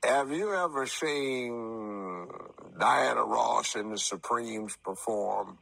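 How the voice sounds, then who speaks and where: A man in his seventies, a retired TV judge, telling stories and giving his views slowly and deliberately, with some formal word choices. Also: mid-range voice, vocal fry, a bit bright, no room sound, rough recording. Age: 70s. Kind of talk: interview talk.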